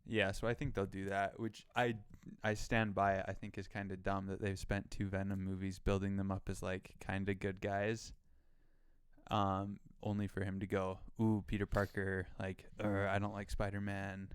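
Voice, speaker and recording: A man's voice: low voice, monotone, moderate pace, clear, resonant tone, no echo. A young man co-hosting a pop culture podcast, chatting casually and rambling with many fillers. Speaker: podcast co-host. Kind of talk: casual chat.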